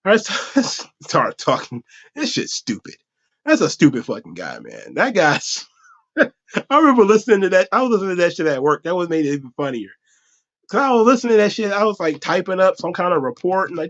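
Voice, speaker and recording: A man with a high, lively voice rants his way through a comedic podcast, swearing freely, bursting into laughter and slipping into mock voices. His pitch leaps around constantly. The sound is muffled and lo-fi. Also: brisk. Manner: animated, profane, laughs often, acts out voices. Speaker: podcast host. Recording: dull lo-fi audio.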